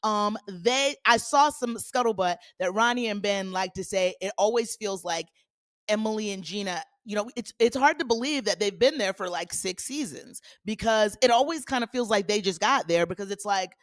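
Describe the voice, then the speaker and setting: A woman hosting a solo commentary podcast, talking in a sassy, animated way with playful asides to her listeners. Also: mid-range voice, normal speed, no room sound, studio quality. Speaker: podcast host.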